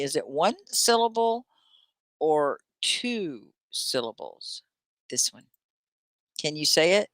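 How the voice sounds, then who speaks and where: A woman's voice: deep voice, fairly bright tone, no echo. A woman hosting a live online English lesson, greeting viewers by name and asking them question after question. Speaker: ESL teacher hosting a live stream.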